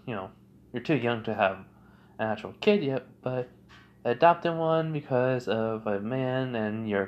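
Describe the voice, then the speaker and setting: A man's voice: mid-range voice, dull audio. Rambling young man telling fan fiction. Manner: rambling, many fillers and restarts. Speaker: fan storyteller. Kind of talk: improvised fan-fiction narration.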